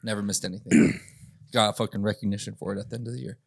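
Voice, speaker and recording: A man telling stories in a casual podcast chat, swearing freely and animated as he recounts things. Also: on the low side, quick pace, creaky, no room sound, clean studio sound. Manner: profane, animated storytelling. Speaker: podcast host.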